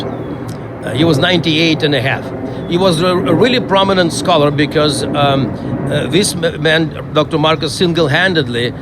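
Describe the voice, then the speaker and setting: Middle-aged rabbi giving a graveside eulogy. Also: male voice, on the high side, background noise. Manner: measured storytelling with hesitations. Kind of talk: funeral eulogy.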